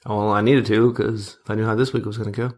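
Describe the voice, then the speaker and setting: A man's voice: lowish voice, flat delivery, fast, darkish tone. A man in his thirties co-hosting a sports podcast, chatting casually, joking and reading out stats. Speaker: podcast co-host.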